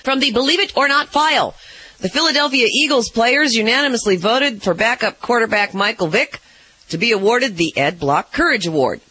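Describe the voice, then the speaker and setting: A man's voice: extremely high pitch, animated, moderate pace, pushed and bright, slightly rough, no echo. A man reading a radio news update with a wry delivery. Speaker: news reader.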